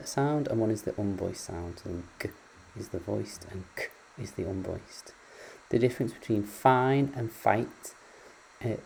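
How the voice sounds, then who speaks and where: Low, gravelly-voiced male teacher. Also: dark tone, a little hiss or hum, low-quality recording. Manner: patient, explanatory, with frequent ums and uhs. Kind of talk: recorded lecture on phonics.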